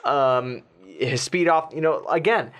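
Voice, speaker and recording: A man co-hosting a sports podcast, talking in an excited, casual and slangy way. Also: medium pitch, takes it slowly. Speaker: podcast co-host.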